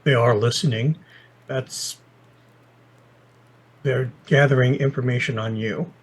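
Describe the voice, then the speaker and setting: A man running a tabletop roleplaying game as game master, calmly advising the players. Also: medium pitch, slow, low-quality recording.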